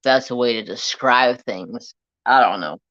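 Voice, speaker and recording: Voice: medium pitch, unhurried, fairly bright tone, dry recording. Rambling casual live-stream host, chatty crafter, dull lo-fi stream audio, dry close sound. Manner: rambling, loose and chatty, talks to viewers and a pet.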